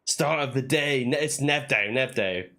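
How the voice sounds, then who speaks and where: A man with a medium-pitched, bright, forceful voice keeps a measured pace while streaming a puzzle game. His casual commentary has him thinking aloud and pronouncing made-up words.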